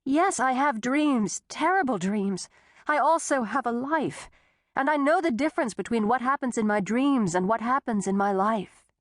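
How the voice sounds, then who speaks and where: A woman's voice: a little high, lively intonation, normal speed, no echo, studio quality, voice pushed up, natural voice. A woman voicing a frightened woman pleading to be believed. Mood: desperate. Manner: tense, pleading, voice breaking.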